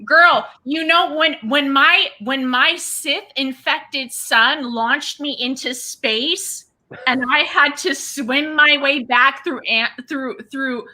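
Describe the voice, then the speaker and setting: A woman puts on a brash, foul-mouthed princess who trash-talks her rival in an improv comedy battle. The voice sits high and very bright. She taunts at an unhurried pace. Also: full character voice. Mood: taunting. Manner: trash-talking, swearing, taunting. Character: brash trash-talking young princess, cocky and crude.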